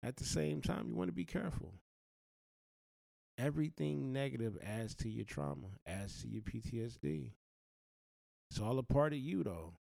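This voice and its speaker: A man's voice: mid-range voice, animated, normal speed, gravelly, pauses often, warm tone, no room sound. A man giving earnest, blunt life advice in a slangy, heartfelt monologue.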